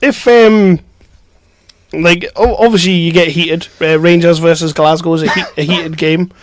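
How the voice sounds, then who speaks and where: A man's voice: on the high side, fairly even intonation, normal speed, dry recording. A man hosting a film podcast, reading out listener questions in a jokey, rambling way. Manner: jokey and rambling, laughs often. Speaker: podcast host. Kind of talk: casual chat.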